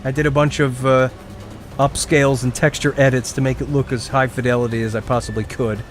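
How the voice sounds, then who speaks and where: Chatty excitable male game streamer. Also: mid-range voice, brisk, soft background music. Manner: chatty, excitable, laughs often, reads chat aloud. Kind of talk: casual live gameplay commentary.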